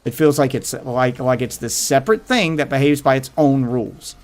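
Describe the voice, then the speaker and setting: A man's voice: medium pitch, normal speed. A man hosting his livestream, telling crude rambling stories in casual chat with faint music behind him. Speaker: livestream host.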